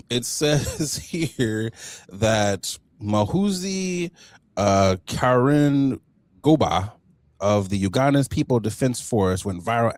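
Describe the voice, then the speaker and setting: A man's voice: on the low side, a little mellow, no echo. A man co-hosting a casual podcast, joking and laughing often as he talks. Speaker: podcast co-host.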